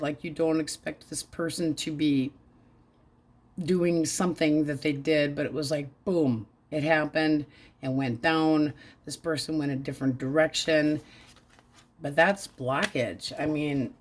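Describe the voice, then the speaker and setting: Slow-talking blunt woman tarot reader. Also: deep voice. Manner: blunt, crude, frank commentary. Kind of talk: casual tarot reading.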